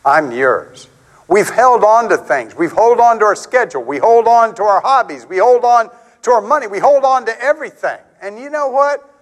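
Animated, high-pitched male preacher. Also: a little fast, low-quality recording. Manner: animated, conversational, acts out quotes with big pitch swings. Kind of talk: sermon.

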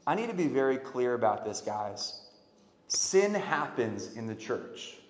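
A man preaching a sermon, swinging from loud emphatic calls to quiet earnest pleas. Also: medium pitch, sing-song, unhurried. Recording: echoey hall.

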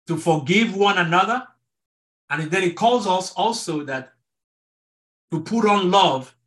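A man's voice: on the high side, a bit bright. A middle-aged man teaching an online marriage class as a pastor, earnest and repeating his words to stress each point. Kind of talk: online sermon-style teaching.

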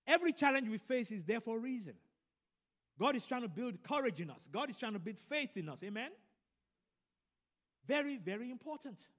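A middle-aged man preaching a sermon and telling a personal story, animated and building to loud emphatic peaks. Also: very high voice, brisk, pauses often. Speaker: pastor. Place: large church room. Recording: long hall reverb.

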